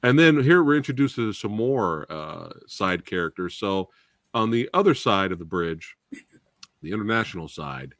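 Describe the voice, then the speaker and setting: A man hosting a casual film review chat, excitable and swearing freely. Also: fairly low pitch, moderate pace, dry recording, clean studio sound. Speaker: podcast host and film reviewer.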